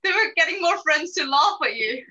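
A woman interviewer interjects in short, amused bursts. Her voice is high, bright and lively, and it sounds a bit distant from the mic. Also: normal speed, highs cut off. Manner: animated, amused, brief interjections. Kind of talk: casual conversation.

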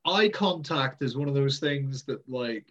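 A man's voice: mid-range voice, lively intonation, measured pace, lo-fi sound. A man in casual conversation as an interview guest, rambling and self-deprecating, with many fillers and restarts. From Britain.

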